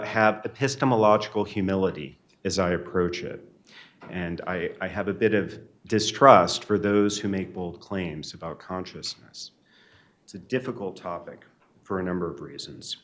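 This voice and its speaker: Low-voiced man giving a lecture. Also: a bit bright. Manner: measured, earnest, reflective. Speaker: keynote speaker. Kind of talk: academic lecture. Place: lecture hall.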